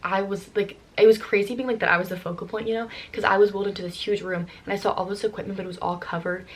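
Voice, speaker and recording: A young woman vlogger telling a personal story in casual chat, rushing along with lots of "like" and "um". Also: mid-range voice, fairly even intonation, husky. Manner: rushed, filler-heavy with constant "like" and "um".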